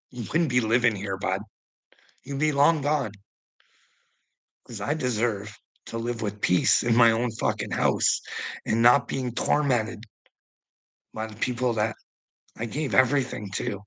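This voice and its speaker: A man's voice: medium pitch, creaky, pushed and bright, husky. A middle-aged man, ranting agitatedly in a personal vlog, swearing constantly with bitter laughs. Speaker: vlogger.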